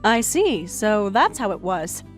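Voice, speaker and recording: A woman voicing a polite, patient young wife in a dramatized text-message story, speaking gently and calmly. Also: medium pitch, unhurried. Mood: mild. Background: faint music.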